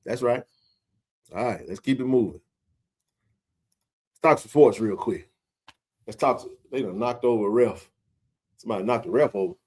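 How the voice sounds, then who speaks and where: A man in his forties hosts a casual sports live stream. He jokes around and talks straight to his viewers in an animated, easygoing way. His voice sits at an ordinary middle pitch. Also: moderate pace, long pauses, slightly rough. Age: 40s. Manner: joking, animated, talks to chat readers. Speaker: sports talk stream host.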